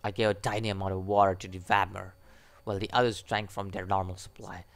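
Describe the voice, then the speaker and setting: A man voicing an eccentric, gleeful male scientist in a visual novel game, with a put-on foreign accent and theatrical, dramatic pauses. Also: sits low, level tone, creaky, a bit bright.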